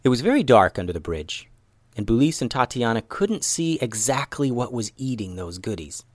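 Animated man telling a kids' story. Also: medium pitch, normal speed, no echo, studio quality. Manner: animated, expressive reading. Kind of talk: children's story narration.

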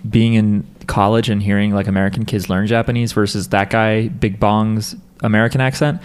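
A man's voice: fairly low pitch, flat delivery, brisk, clear, resonant tone. A man co-hosting a podcast, chatting casually in a wry, rambling way with many restarts. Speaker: podcast co-host. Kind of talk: casual chat.

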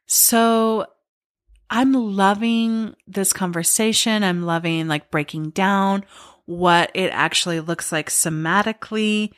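A woman hosting a podcast, talking in a relaxed, chatty way with lots of filler words. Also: medium pitch, slow pace, no room sound, clean studio sound. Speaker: podcast host. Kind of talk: casual conversational interview.

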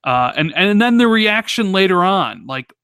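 A man co-hosting a casual gaming podcast, talking in an animated, rambling way full of restarts and fillers. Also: sits high, normal speed, clean tone, no echo, studio quality. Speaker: podcast co-host.

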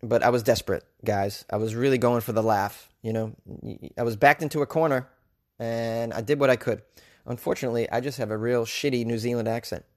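A man's voice: medium pitch, steady tone, a little fast. A man hosting his own podcast, a stand-up comic chatting casually and jokingly, rambling with lots of fillers. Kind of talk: casual solo podcast chat.

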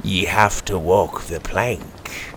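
A man voicing a gruff, scowling pirate captain in a storybook reading, scolding in a thick pirate dialect. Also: low-pitched, steady tone, takes it slowly, a bit bright, a little hiss or hum, voice pushed down. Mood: cold. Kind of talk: storybook narration.

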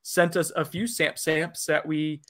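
A man's voice: on the high side, flat delivery, unhurried, fairly bright tone. A man co-hosting a casual podcast, telling stories animatedly and laughing a lot. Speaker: podcast co-host. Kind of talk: casual chat.

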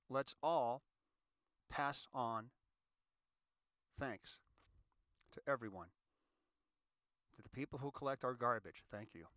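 A man's voice: medium pitch, a bit bright, dry recording, studio quality. A man in his sixties hosting a show, talking casually to listeners in a folksy way, often repeating words as he gives advice. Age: 60s. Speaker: show host.

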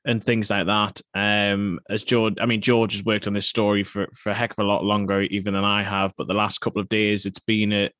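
A man's voice: on the low side, flat delivery, brisk, hardly any pauses, a bit bright, no echo, studio quality. A man co-hosting a podcast, telling a self-deprecating story in casual chat. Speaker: podcast co-host, journalist.

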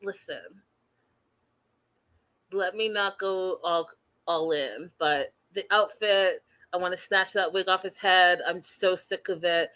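A woman hosting a casual recap chat over a video call, animated and talking straight to her co-host. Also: lowish voice, slow pace. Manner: animated, acts out quotes, addresses co-host by name. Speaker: podcast host.

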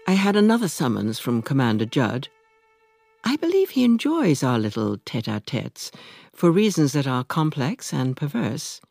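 A woman reading an audiobook as narrator, measured and dryly ironic, in a dry studio voice-over. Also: low voice, mellow, breathy edge, no echo. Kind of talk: scripted narration.

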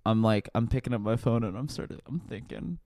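A man's voice: medium pitch, a little fast, warm tone, dry recording, clean studio sound. A man co-hosting a podcast, riffing on comedy bits in a loose, playful way and slipping into silly voices. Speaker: podcast co-host.

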